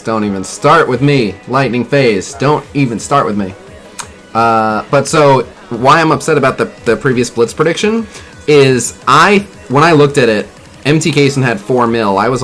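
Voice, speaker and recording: A man's voice: mid-range voice, fairly bright tone. A man streaming a mobile game, rambling casually to his chat and a voice-chat guest, swearing freely. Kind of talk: casual live-stream commentary.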